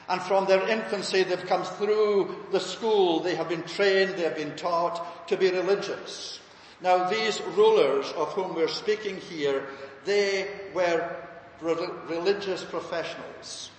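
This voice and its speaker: Male preacher, high-pitched and earnest, sermon recorded in a large church with a long echo. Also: a little hiss or hum. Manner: earnest, emphatic, building points by repetition. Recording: echoey hall from far off.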